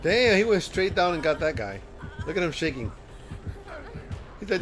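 In a slightly high, fairly bright and very animated voice at a moderate pace, a man livestreams a horror game with game music behind him. He jokes, laughs a lot and throws out playful trash talk between bits of commentary and storytelling.

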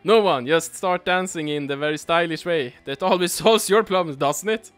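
A man's voice: fairly high pitch, normal speed, clean tone, soft background music. A man playing a video game with a friend, reading text aloud and joking, swearing a lot. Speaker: gamer reading and voicing a game. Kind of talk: casual let's-play commentary.

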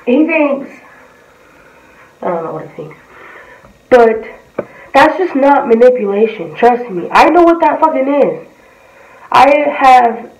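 A woman's voice: a little high, darkish tone. A woman giving a blunt, profane, heated reaction commentary as a vlogger. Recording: roomy, distant from the mic.

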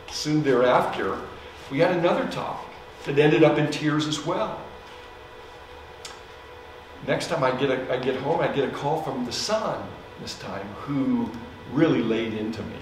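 A man preaching as pastor, telling a story in a loose, conversational way with fillers and soft laughs. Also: medium pitch, a little hiss or hum. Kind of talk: sermon storytelling. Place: church sanctuary. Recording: echoey hall, mic from a distance.

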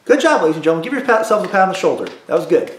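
A man's voice: high-pitched, sing-song. A man teaching a beginner cello lesson to children, leading call-and-response drills with patient repetition. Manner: slow, patient, repeats drills for kids. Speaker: school music teacher. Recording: echoey room.

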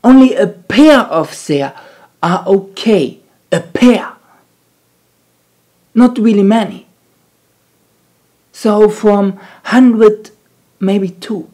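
A man's voice: high voice, drawn-out words, pauses often. A man speaking English, ranting and swearing through casual gameplay commentary. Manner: ranting, swearing, shouting at the game. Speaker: gamer. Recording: game music playing behind.

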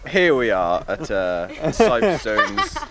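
A man's voice: on the low side, slow. A man who has just woken up, chatting casually to camera on a countryside walk with lots of fillers. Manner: relaxed, hesitant, with fillers and laughs. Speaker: vlogger. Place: outdoors on a countryside hill walk. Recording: loud crowd chatter behind.

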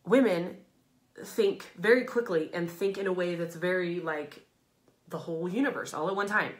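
A woman hosting a live stream, giving a casual motivational talk to her audience in an emphatic, candid way, swearing freely and laughing between phrases, swinging between loud, pushed lines and soft, low asides. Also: normal speed.

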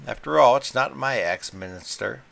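A man's voice: medium pitch, expressive, normal speed, creaky, fairly bright tone. A man voicing an aloof male house cat who talks in a cold, indifferent drawl.

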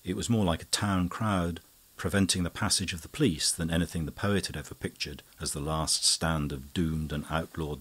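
A man narrating a classic mystery audiobook in a measured, low-key manner. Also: a bit bright, slightly rough. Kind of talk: scripted narration.

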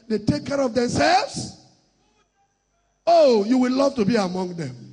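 High raspy preacher. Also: male voice, very animated, measured pace, pauses often, long reverb tail. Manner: shouting and chanting in bursts, mocking impressions. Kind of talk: sermon.

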